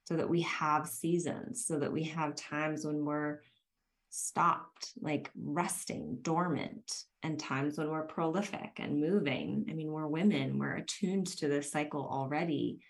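A woman's voice: deep voice, steady tone, measured pace. A woman hosting a podcast, telling personal stories in an earnest, reflective way. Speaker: podcast host. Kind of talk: casual podcast conversation.

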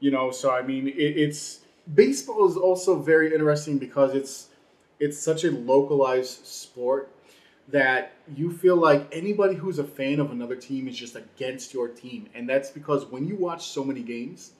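Man from Chicago, casual sports co-host, animated, echoey room. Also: normal speed. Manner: animated, mimics people in high voices. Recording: roomy echo.

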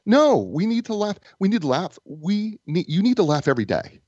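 A man co-hosting a casual talk show and author of a book, telling stories with animated repetition and false starts. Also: high-pitched, normal speed, no room sound, dull audio. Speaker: podcast co-host and author. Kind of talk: casual chat.

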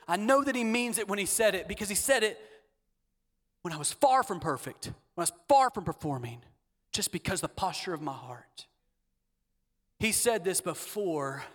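A man preaching a sermon as pastor, leading the congregation in repeated declarations and swinging from hushed asides to loud, emphatic lines. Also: on the high side. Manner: leads call-and-response repetition. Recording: long hall reverb.

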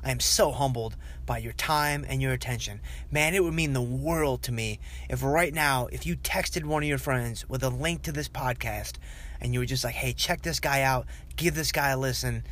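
Here a podcast host with a mid-range voice and moderate pace talks about faith. His Southern US drawl carries an earnest, animated, casual manner as he addresses listeners head-on.

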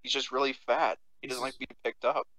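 A man's voice: mid-range voice, flat delivery, a little fast, over a noisy crowd. A man co-hosting a podcast, rambling on and eagerly sharing odd facts in casual crude banter. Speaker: podcast co-host.

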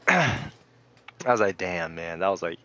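A man in casual chat, telling a relaxed story while quoting his friends and swearing now and then. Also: sits low, slow pace. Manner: laid-back, quotes friends, swears, laughs along.

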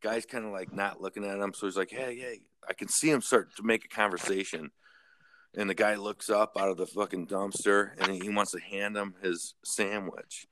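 A man casually telling a story to a friend, swearing a lot and jumping into a much higher voice to act out what others said. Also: normal speed, a little hiss or hum. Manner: profane, animated, mimics others with sharp jumps in pitch.

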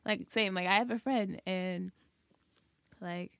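A woman's voice: medium pitch, fairly even intonation, moderate pace, vocal fry, fairly bright tone, dry recording. A woman co-hosting a podcast in casual chat, talking loosely with lots of "like" and "you know". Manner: chatty, fillers of "like" and "you know". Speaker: podcast co-host.

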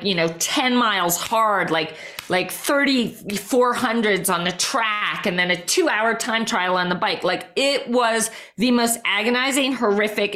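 A woman's voice: medium pitch, fairly bright tone. A middle-aged woman, a former athlete turned coach, telling a personal story as a guest with emphatic energy, filling her speech with "like" and acted-out inner thoughts. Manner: emphatic, lots of "like" and quoted self-talk.

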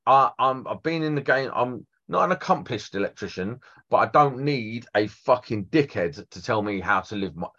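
This 40-something man is an electrician appearing as a guest on a trade podcast, trading blunt, profane stories in casual conversation. His mid-range voice is expressive, pushed and bright, moving at a moderate pace with few pauses; the audio is dull and lo-fi.

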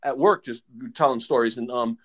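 A man co-hosting a veterans' podcast, telling stories in an animated, swearing way. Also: medium pitch. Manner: animated, swearing, quick to react. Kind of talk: casual storytelling chat.

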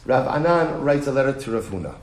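A man teaching a text study lesson in an animated way, full of rhetorical questions. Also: medium pitch, fast. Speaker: Talmud teacher. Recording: roomy echo.

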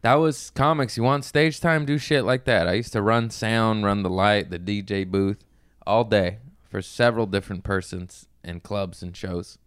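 A man's voice: on the low side, moderate pace, clear, resonant tone, no room sound, studio quality. A man in his thirties, a stand-up comedian, chatting casually as a podcast guest, telling stories animatedly with swearing and acted-out quotes.

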